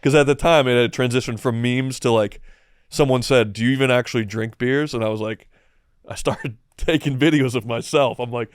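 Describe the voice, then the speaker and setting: A man's voice: mid-range voice, fairly even intonation, normal speed, clear, resonant tone, no room sound, clean studio sound. Rambling, self-deprecating young man. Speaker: podcast guest. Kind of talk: casual storytelling.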